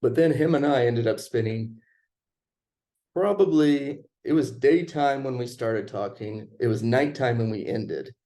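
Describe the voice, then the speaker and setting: A man's voice: mid-range voice, a little slow, dark tone. A young man telling a personal story in a casual chat, laid-back and chuckling as he goes.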